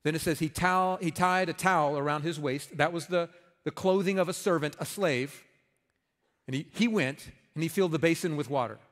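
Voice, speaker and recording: A man's voice: on the high side, brisk, fairly bright tone, long reverb tail. A man preaching a sermon in a conversational, emphatic way, with folksy humor. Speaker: pastor.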